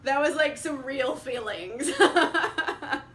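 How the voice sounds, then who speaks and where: A woman's voice: high-pitched, animated, takes it slowly, a bit bright. A young woman chatting casually about her reading plans, bubbly, laughing often and saying like a lot. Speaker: book vlogger. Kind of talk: casual chat.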